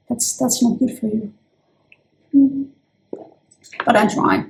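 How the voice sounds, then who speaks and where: A woman's voice: on the high side, fairly even intonation, slow pace, vocal fry, long pauses, darkish tone, poor audio. A woman in her fifties who is losing her voice, chatting reflectively to camera from her office in a casual vlog. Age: 50s. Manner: chatty and reflective, with frequent restarts. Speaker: vlogger.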